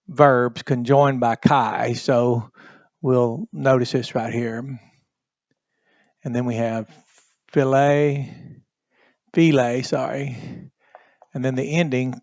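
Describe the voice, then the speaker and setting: A man walks through a Bible Greek lesson at a slow, deliberate pace, stopping often on fillers as he explains. The recording is dry and a little dull, with no room sound around the voice. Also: mid-range voice, a little mellow, dry recording.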